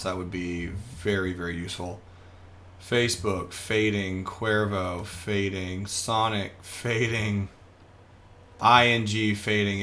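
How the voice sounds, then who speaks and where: A man's voice: fairly low pitch, a bit bright. A young man giving casual, joking live commentary on the market as he trades, reading viewer comments aloud and chatting back. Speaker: day trader streaming live.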